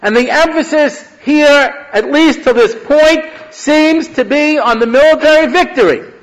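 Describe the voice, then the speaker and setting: In a roughly recorded Torah class, a rabbi with a very high voice teaches in an unhurried, conversational lecture style. He mixes Hebrew phrases into what he says.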